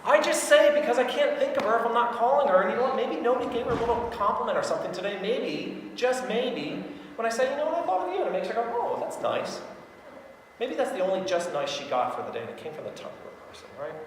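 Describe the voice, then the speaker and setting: A man's voice: sits high, lively intonation, very fast. A man leading a sales training session, upbeat and acting out both sides of phone calls to show how they should sound. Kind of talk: sales training talk with role-played calls. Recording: echoey hall with faint noise.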